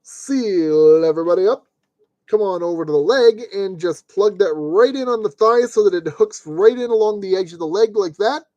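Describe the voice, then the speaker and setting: A man's voice: sits high, normal speed, a little mellow, dry recording, dull audio. A man streaming live from his desk, casually talking himself through each step as he assembles a model kit. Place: at a desk indoors.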